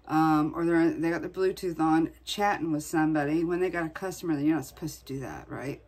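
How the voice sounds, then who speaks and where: A woman's voice: low-pitched, fairly quick, a little mellow. A woman vlogger chatting casually, venting in a blunt, profane way. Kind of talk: casual chat.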